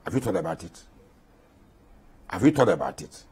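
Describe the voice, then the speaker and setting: A man's voice: low voice, very animated, moderate pace, darkish tone, breathy edge. A man in his eighties with a Ghanaian accent, an interview guest speaking with passion and repeating points for emphasis. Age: 80s. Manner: impassioned, repeats himself for emphasis.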